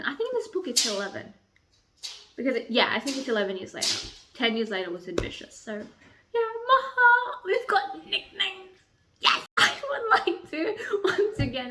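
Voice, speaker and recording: A young woman chatting in a casual reading vlog, excitable, rambling and swearing freely as she rants about characters. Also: on the high side. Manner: rambling, restarts often. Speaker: book vlogger.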